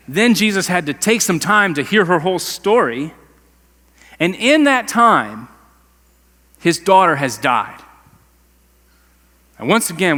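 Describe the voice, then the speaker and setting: A man's voice: fairly high pitch, pushed and bright, long reverb tail. A male pastor preaching a sermon in a conversational, emphatic way, with casual slang. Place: church sanctuary.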